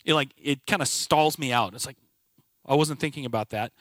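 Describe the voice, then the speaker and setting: A man's voice: medium pitch, fairly quick, fairly bright tone, dry recording. Earnest man telling a personal story. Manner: storytelling, quoting others in conversation. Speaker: team leader at a brokerage. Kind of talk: personal testimony talk.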